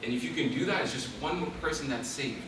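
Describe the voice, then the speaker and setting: An intense young man speaks to a crowd in a large hall. His voice is bright and pushing, and he sits a little back from the mic. The room gives it a heavy, boomy echo. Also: quick pace, far from the mic, a little hiss or hum. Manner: intense, preacherly, rising to emphatic exhortation. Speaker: guest speaker. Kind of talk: motivational Christian talk.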